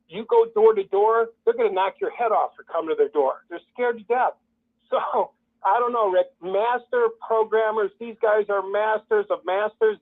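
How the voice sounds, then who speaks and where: Fervent man on a tinny phone line. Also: sits high. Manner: fervent, repetitive, mocking quoted voices. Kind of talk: impassioned call-in commentary.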